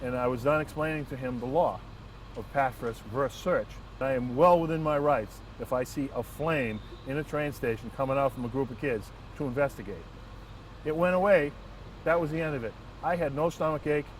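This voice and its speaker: A man, a transit police lieutenant, telling a work anecdote in an earnest, measured way with frequent restarts. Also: medium pitch. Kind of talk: first-person anecdote and reflection. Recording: distant mic, faint outdoor traffic noise.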